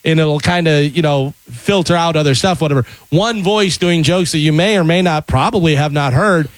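A man's voice: a little high, moderate pace, no room sound. A man co-hosting a podcast, chatting casually and rambling through stories. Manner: rambling storyteller, acts out quotes. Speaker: podcast co-host. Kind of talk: casual chat.

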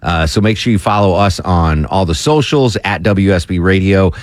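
A male radio host in casual on-air chat, joking with a co-host and reading contest promos with lively pitch jumps. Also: moderate pace, no room sound, clean studio sound. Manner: jokey, reads promos with pitch swings. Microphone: studio microphone.

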